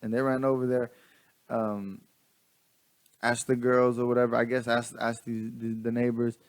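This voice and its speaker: Rich: A man recounts a neighborhood story in a loose, slangy way, circling back and restarting his sentences. His pitch sits in a middle range, and the recording is dry and close, with no room sound. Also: level tone, normal speed, no echo. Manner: rambling, many restarts, laughs often. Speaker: vlogger. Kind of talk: casual storytelling.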